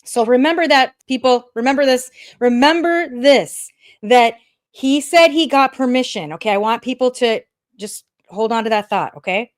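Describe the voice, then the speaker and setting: A woman's voice: on the high side, normal speed. Laughing woman podcast co-host. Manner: laughs often, mocking reading voice. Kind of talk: casual podcast chat, reading comments aloud.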